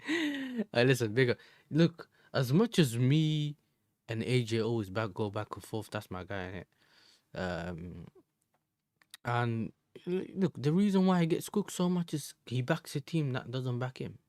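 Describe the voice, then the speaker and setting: A man's voice: medium pitch, animated, a little slow, darkish tone, dry recording, studio quality. A young man from the Netherlands, chatting casually and rambling in slang as a football live-streamer.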